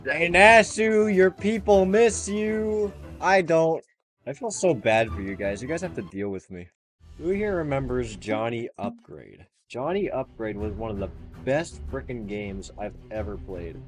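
A young man gaming with friends, swearing and swinging between loud yells and quiet mumbling. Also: fairly low pitch, big pitch swings, normal speed, soft background music. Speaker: gaming YouTuber. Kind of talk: casual gaming chat with friends.

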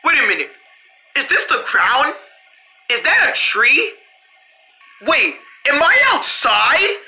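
A performer voicing a drowsy, bewildered guy whom the others tease as old, who wakes up confused and shouts in alarm. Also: high-pitched, sing-song, slow pace, pitched above the performer's own voice, full character voice, low-quality recording.

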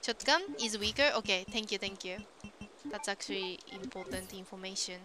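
A woman's voice: medium pitch, moderate pace, noisy background. A woman with a Japanese accent streaming a game, reacting to her chat in simple English and exclaiming at what happens on screen. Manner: simple non-native English phrasing. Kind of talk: casual gameplay commentary.

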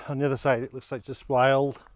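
With a flat delivery at normal speed and medium pitch, a Scottish vlogger talks through a casual hike in open countryside, rambling and self-deprecating, slightly winded on the climbs. The sound is studio quality with no room sound.

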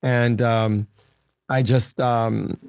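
A man's voice: mid-range voice, steady tone, very slow, creaky, a little mellow, no room sound, highs cut off. A man in his seventies chatting as a guest, laughing easily and restarting his sentences. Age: 70s. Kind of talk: casual chat.

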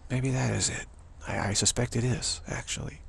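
A man's voice: medium pitch, steady tone, vocal fry, slight background noise. A man giving an earnest, rambling spiritual monologue, repeating himself and restarting sentences often. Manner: earnest, repetitive, halting with many restarts. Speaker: spiritual speaker.

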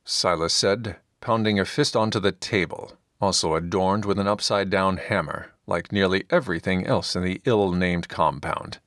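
A man narrating a fantasy audiobook in steady, measured scripted narration on a close studio mic. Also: deep voice, no echo.

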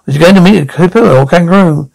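A gravelly, rude old nan. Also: female voice, lowish voice, racing, a little mellow, rough recording. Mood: mocking. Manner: heckling, taunting, name-calling. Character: brash foul-mouthed old London nan, rude and cheeky. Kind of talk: TV sketch comedy acting.

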